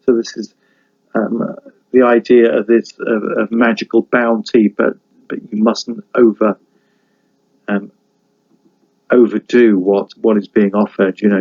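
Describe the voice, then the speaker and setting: A man giving a university lecture, halting with many fillers and restarts, stopping now and then to read a folk tale aloud. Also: lowish voice, lo-fi sound. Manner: reads folk tale aloud between comments.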